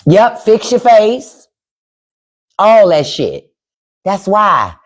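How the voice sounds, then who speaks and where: Blunt, lively-voiced woman telling stories. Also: mid-range voice, extremely slow. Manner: blunt, profane, laughing asides; quotes her elders in put-on voices. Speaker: podcast host on a livestream. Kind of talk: casual livestream storytelling. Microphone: phone or webcam livestream mic.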